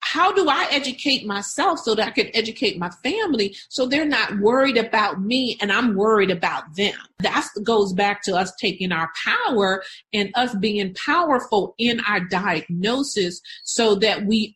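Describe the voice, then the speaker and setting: A woman's voice: medium pitch, fairly bright tone, a little hiss or hum. A woman speaking earnestly and emphatically as a podcast guest, sharing her experience and encouraging others. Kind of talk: earnest conversational storytelling.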